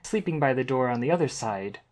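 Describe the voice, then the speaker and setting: A man's voice: medium pitch, expressive, a little fast, darkish tone. Man running a tabletop game. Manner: descriptive, with frequent ums and uhs. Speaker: game master.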